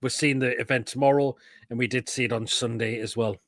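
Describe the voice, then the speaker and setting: A man's voice: mid-range voice, steady tone, a little fast, fairly bright tone, no echo, studio quality. A man hosting a casual live football chat online, reading out viewer comments and swearing freely. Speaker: host.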